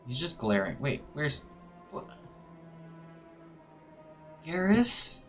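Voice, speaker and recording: A man talking casually to his viewers during a live gaming stream. His voice sits at an ordinary middle pitch, and his manner is chatty and playful. He hums idle filler sounds between remarks, with faint background music playing. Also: expressive, moderate pace, fairly bright tone.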